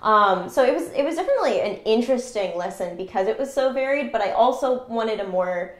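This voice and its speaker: A young adult woman co-hosting a casual album review chat, talking in a chatty, animated way full of "like". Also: a little high, fairly quick. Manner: chatty, animated, lots of like and quoted inner thoughts. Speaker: podcast co-host. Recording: echoey room.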